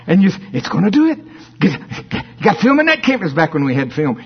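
Brief: middle-aged man preaching, lively and husky, on a dull lo-fi recording. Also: high voice, quick pace. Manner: animated storytelling, playful, acts out voices. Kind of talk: sermon.

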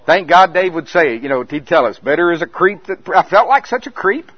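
Animated older man preaching, lo-fi. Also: high-pitched, fairly quick, slightly rough. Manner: animated storytelling, acts out scenes. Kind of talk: sermon. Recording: dull lo-fi recording.

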